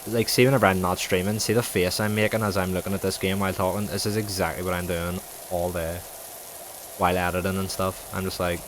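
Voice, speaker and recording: A man's voice: low-pitched, level tone, quick pace, noisy background. A young man, rambling and swearing through casual stories while streaming a game. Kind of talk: casual chat while gaming.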